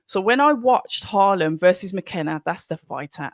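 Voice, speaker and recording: A live-stream host with a Birmingham accent talks through a boxing watch-along in an easygoing, rambling way, often restarting sentences. The voice sits in a middle pitch. The recording is dry and close, with no room echo. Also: expressive, brisk, hardly any pauses, fairly bright tone. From Birmingham, England. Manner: chatty and rambling, with frequent restarts. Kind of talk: casual live-stream commentary, reading out chat.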